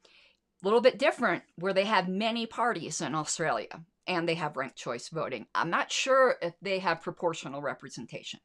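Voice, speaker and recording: Woman doing a chatty livestream, lowish voice, lots of restarts and "like". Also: big pitch swings, brisk, a bit bright. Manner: conversational, reads from notes with frequent restarts and fillers. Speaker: show host. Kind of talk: casual livestream commentary.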